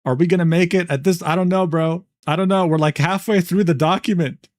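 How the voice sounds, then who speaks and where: A man's voice: high-pitched, brisk, no room sound. A man reacting on a livestream, incredulous and slangy, swearing and laughing in disbelief. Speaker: streamer.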